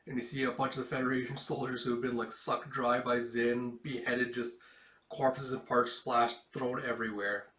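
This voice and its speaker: A man's voice: medium pitch, level tone, moderate pace, sharp tone. A man casually retelling a comic book, full of fillers as he describes panels, recorded in an echoey room. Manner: rambling, filler-heavy retelling. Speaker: comic book reader and reviewer. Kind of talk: casual read-through with reactions. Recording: roomy echo.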